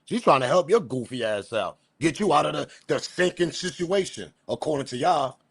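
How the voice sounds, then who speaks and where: A man's voice: on the high side, normal speed, gravelly, husky, dry recording, studio quality. Blunt, slangy male commentary host. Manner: animated, blunt slang, talks straight to viewers. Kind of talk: casual commentary.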